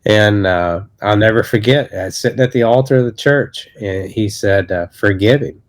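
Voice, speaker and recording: A man in his thirties, an associate pastor, telling his personal testimony in a podcast interview in a halting, earnest way with many restarts. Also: on the low side.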